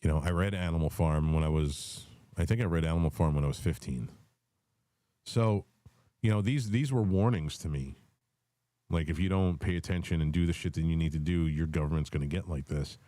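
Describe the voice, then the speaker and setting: A man in his forties with a very low, dark voice talks through his politics in a rambling, conversational way. The sound is dry and close, with no room around it. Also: brisk, no room sound. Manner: rambling, conversational, swears casually. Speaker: podcast host. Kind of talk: casual political chat.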